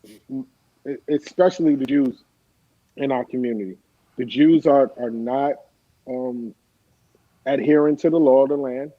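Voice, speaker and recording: A man's voice: medium pitch, measured pace, long pauses, no echo, phone-quality sound. A man hosting a radio talk show, chatting casually and laughing along with his co-hosts. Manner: relaxed, conversational, laughs along.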